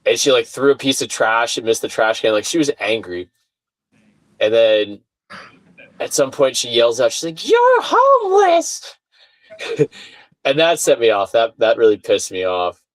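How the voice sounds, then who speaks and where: A man's voice: medium pitch, moderate pace, no echo. A man on a remote call, talking animatedly and swearing as he tells a story in casual chat. His voice sits mid-range and sounds dry, with no room around it. His mic sounds thin and far off. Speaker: podcast guest. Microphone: remote call mic, sounds far away.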